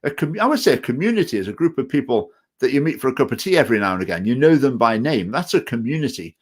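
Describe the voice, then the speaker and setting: A man's voice: mid-range voice, very animated, quick pace, slightly rough. A man with a Stoke-on-Trent English accent, chairing a party and answering viewer comments in a casual live stream, hesitant and often repeating words. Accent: Stoke-on-Trent English with some Scottish phrases. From England. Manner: hesitant, repeats words, digressive opinionated talk.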